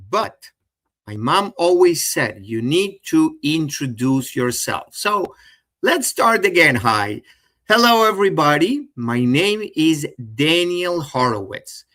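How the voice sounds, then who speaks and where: A man's voice: fairly high pitch, fairly bright tone. A middle-aged man with a Venezuelan Spanish accent giving a chatty, enthusiastic live webinar presentation and speaking straight to his viewers. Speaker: genealogy presenter.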